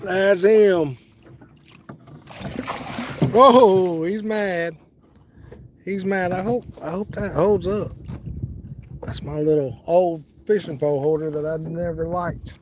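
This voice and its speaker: A middle-aged man with a high voice talks slowly and steadily, with long pauses, during a casual fishing livestream from a boat on the water. Laid-back, he greets viewers by name over a noisy background.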